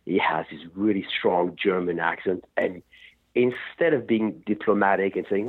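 A man's voice: fairly low pitch, moderate pace, slightly rough. A man, a rock singer, talking in a rambling way and often laughing during a radio interview over the phone. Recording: tinny phone line.

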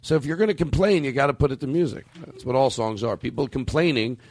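A man's voice: medium pitch, expressive, fast, a little mellow, no echo. A male podcast host joking with his co-host, telling rambling, profane stories. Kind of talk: comedic banter.

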